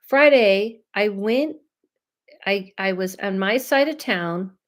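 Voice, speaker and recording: A woman from Los Angeles, a medium and host of her own live stream, chatting loudly and casually with viewers and reading out their comments. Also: medium pitch, expressive, takes it slowly. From Los Angeles, USA. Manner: loud, chatty, trails off and restarts, laughs often.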